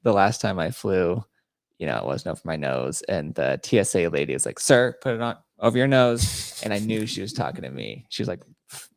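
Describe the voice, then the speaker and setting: A man's voice: low-pitched, animated, brisk, creaky, no echo. A man hosting a podcast in casual chat, telling crude, mocking stories and laughing often. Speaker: podcast host.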